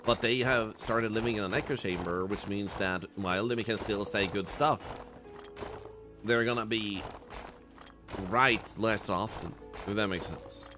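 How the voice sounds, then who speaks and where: This is casual live-stream talk from a man playing a game, musing with viewers and filling his sentences with "like." He speaks a little slowly in a lowish voice with fairly even intonation, over game music.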